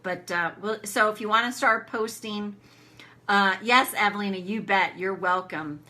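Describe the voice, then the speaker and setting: A woman's voice: medium pitch, normal speed, bright, forceful tone. A middle-aged woman coaching viewers in a casual live stream, chatty and rambling, often laughing. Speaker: tapping coach hosting a live session.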